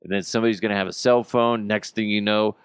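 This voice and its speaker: A man in his thirties hosting a casual solo podcast from his basement, talking in an animated, joking and profane way. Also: on the low side, fast talker, smooth, dry recording, studio quality. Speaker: podcast host. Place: home basement.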